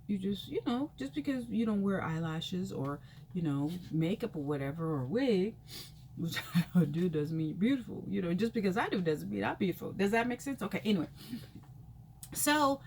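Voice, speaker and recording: A woman vlogger telling a personal story in a casual, rambling way, full of fillers, her pitch leaping when she acts out reactions. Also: normal speed, a little hiss or hum. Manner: chatty and rambling, full of "you know" fillers; animated, jumps high in pitch when acting out reactions.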